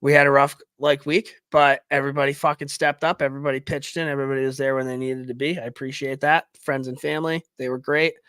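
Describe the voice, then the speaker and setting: A man's voice: mid-range voice, level tone, quick pace, hardly any pauses, a bit bright, clear, resonant tone, no room sound, clean studio sound. A young man co-hosting a hockey podcast in casual banter, swearing often and calling his co-host "dude". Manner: swears a lot, says "dude".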